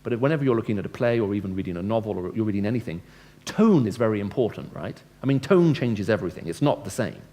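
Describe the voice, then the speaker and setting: Man, lowish voice, evangelistic talk, conversational, questions to the audience, acts out dialogue. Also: expressive, fast talker, few pauses, warm tone. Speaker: Christian speaker. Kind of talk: lecture-style evangelistic talk.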